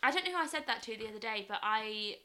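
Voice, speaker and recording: A young woman from England in casual podcast chat, thoughtful and often trailing into soft, quiet asides. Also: a little high, lively intonation, quick pace, a crowd in the background. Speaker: podcast co-host.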